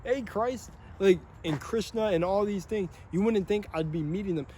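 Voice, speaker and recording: A young man rambling in a monologue, excitable and swearing often, laughing between phrases. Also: high voice, normal speed, slight background noise. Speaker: vlogger.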